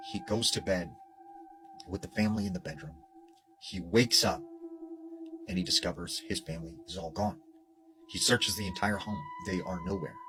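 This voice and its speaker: A man telling a spooky story, acting out the characters' shouted lines. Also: deep voice, low-quality recording. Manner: animated, shouts quoted lines. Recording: music playing behind.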